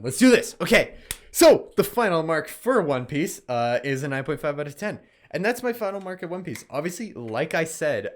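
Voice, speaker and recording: A young man talks through a casual solo podcast review in a loose, meandering way, often stopping to correct himself. He sounds tired and keeps yawning between points. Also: medium pitch. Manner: rambling, self-correcting, easily distracted, yawning. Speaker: podcast host reviewing anime.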